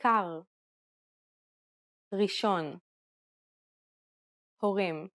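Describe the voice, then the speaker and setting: A woman modeling pronunciation, reading single example words slowly and carefully. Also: medium pitch, fairly bright tone. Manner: slow, careful, isolated word reading. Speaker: native-speaker pronunciation model.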